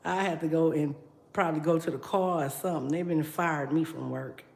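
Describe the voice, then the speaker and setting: Cooking in her echoey home kitchen, this middle-aged livestream host keeps up a casual chat with her viewers. She talks low and brisk in a steady, creaky tone. Addressing the audience directly, she stays chatty and reads out their comments.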